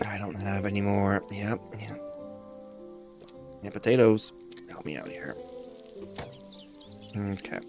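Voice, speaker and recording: A man's voice: fairly low pitch, level tone, slow, pauses often, music in the background. A man streamer chatting casually while he plays a game, rambling and easygoing as he thinks aloud. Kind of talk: casual chat while gaming.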